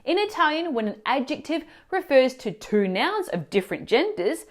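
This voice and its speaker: A woman teacher explaining grammar mistakes in clear, instructive scripted narration, asking the viewer questions. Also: high-pitched, very animated, moderate pace. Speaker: language teacher.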